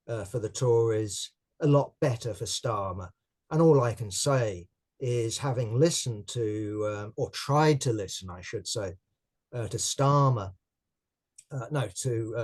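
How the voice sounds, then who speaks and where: An older man from Britain talks through current affairs in a loose, sardonic way. His speech is full of fillers and restarts. His voice sits at an ordinary middle pitch. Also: a little mellow. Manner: sardonic, rambling, many fillers. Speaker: political commentator. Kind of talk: casual spoken commentary.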